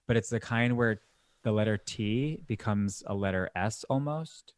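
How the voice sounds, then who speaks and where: A man's voice: fairly low pitch, a little slow, clean tone, no echo, clean studio sound. A man co-hosting a podcast in casual chat, gushing enthusiastically about shows he loves. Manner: enthusiastic, chatty pop-culture fan.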